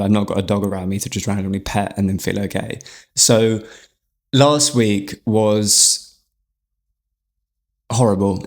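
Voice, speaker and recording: A man's voice: on the low side, gravelly, darkish tone. A young man, telling a candid personal story in a chatty, rambling way, full of fillers and swearing. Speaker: podcast host.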